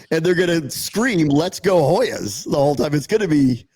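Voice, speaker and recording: A man co-hosting a sports talk podcast, ranting and sarcastic, his pitch leaping all over the place. His voice sits a little high for a man. The sound is dry and close, with no room around it. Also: expressive, measured pace, darkish tone, breathy edge, no echo. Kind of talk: casual sports chat.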